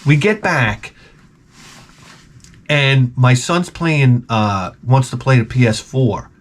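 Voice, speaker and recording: Speaking slowly, a middle-aged man in a video game vlog tells rambling, casual stories peppered with profanity and jokes. He's excitable, his middle-pitched voice suddenly erupting into loud, mock-outraged exclamations.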